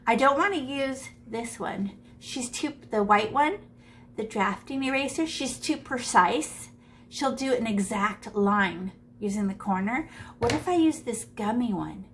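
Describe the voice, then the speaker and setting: Animated and on the high side, this art teacher's fairly bright voice keeps a measured pace as she shows a classroom how to shade. She chats playfully and mutters her thoughts to herself while drawing live, with a bit of background noise.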